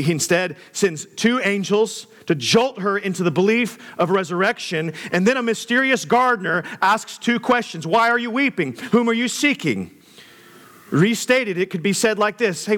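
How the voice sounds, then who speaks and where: High-voiced man preaching a lively sermon. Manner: conversational, jokey asides, animated emphasis. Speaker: pastor.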